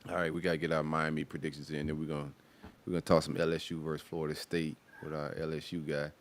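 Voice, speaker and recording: A man's voice: a bass voice, little pitch movement, quick pace. A man hosting a sports podcast, talking in a laid-back, slangy way about football and nightlife. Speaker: podcast host. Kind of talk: casual sports chat.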